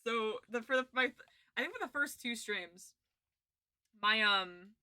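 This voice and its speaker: A woman's voice: fairly high pitch, animated, a little slow, sharp tone. A young woman streaming, chatting casually and rambling with frequent giggles and restarts. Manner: giggly, rambling, self-interrupting. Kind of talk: casual livestream chat.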